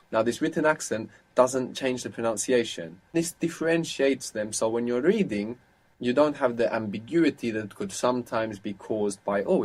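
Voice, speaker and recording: A man's voice: medium pitch, a little mellow. A man teaching as a language teacher on an audio course, patient and explaining things step by step.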